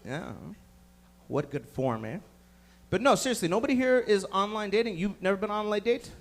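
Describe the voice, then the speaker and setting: A man's voice: sits high, expressive, brisk. A man doing a stand-up set, riffing profanely with the crowd and acting out voices. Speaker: stand-up comedian. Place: comedy club stage.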